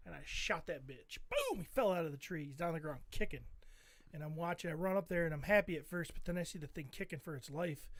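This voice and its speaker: A man on a podcast, casually telling a comic story with a deadpan delivery. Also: high-pitched, dry recording. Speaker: podcast co-host.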